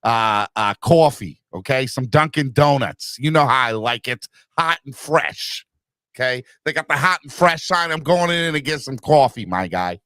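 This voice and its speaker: A man's voice: mid-range voice, lively intonation, moderate pace, pushed and bright, no room sound. A man putting on a brash Boston local with a Boston accent, drawling and swaggering. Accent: Boston, put on. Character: brash male Boston local grabbing coffee.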